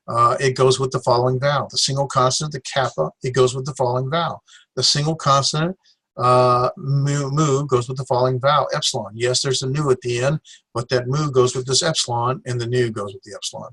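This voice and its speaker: A man teaching a class in a plain mid-range voice. He talks in a halting way, full of fillers, and slowly sounds out syllables for his students. The recording is dry, with little room sound. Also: mid-range voice, fairly bright tone, no room sound. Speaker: Greek teacher. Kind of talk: classroom lecture.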